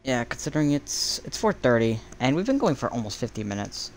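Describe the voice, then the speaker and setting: A teenage boy from the East Coast of the United States, rambling through casual gameplay commentary while he plays, musing aloud with soft chuckles. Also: medium pitch, big pitch swings, a little fast, a little hiss or hum. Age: teens. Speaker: gaming streamer.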